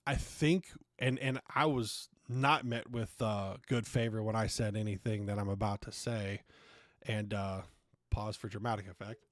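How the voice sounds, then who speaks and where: A man's voice: fairly low pitch, steady tone, measured pace, no room sound, clean studio sound. A man hosting a podcast, ranting casually and sarcastically, swearing freely and often restarting his sentences. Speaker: podcast host.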